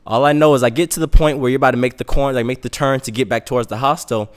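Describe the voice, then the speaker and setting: Animated young man telling a funny story. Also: mid-range voice, racing, clear, resonant tone. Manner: animated, self-mocking, acts out quotes. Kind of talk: casual comic storytelling.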